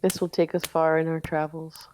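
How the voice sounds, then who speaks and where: A woman's voice: low-pitched, level tone, moderate pace, darkish tone, a little hiss or hum. A woman tabletop player speaking in character, casual and offhand. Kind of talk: in-character role-play.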